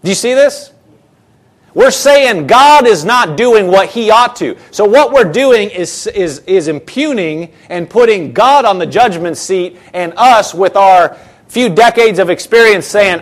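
A man's voice: high-pitched, expressive, measured pace. A man preaching a sermon in an earnest, conversational way, acting out quoted thoughts.

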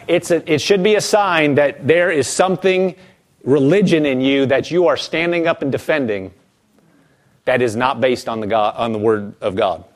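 Male preacher, high voice, animated sermon delivery with acted-out quotes. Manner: animated, acts out quoted voices, reads scripture slowly.

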